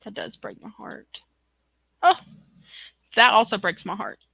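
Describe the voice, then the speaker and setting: A woman's voice: medium pitch, very animated, a little slow, vocal fry, bright, forceful tone, slightly rough, dry recording. A woman hosting a casual livestream chat, reading viewer comments aloud in a chatty way. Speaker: book club host.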